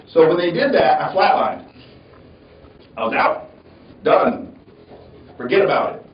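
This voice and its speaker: A man giving a commencement speech as a conversational, animated story in a large hall, recorded from a distance. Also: a little high, brisk, pauses often, noisy background. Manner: animated, conversational, mimics the voices of others. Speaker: commencement speaker. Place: large hall at a graduation ceremony. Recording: dull, roomy sound from far off.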